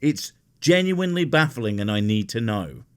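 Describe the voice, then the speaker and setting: Sarcastic male commentary host, animated and profane, swinging pitch a lot. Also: normal speed, clear, resonant tone.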